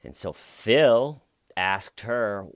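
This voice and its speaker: A man's voice: sits low, no room sound, studio quality. A man giving a casual, wry commentary monologue, now and then mocking the people he quotes. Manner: slow, wry, acts out quotes in mocking voices. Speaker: commentary vlogger.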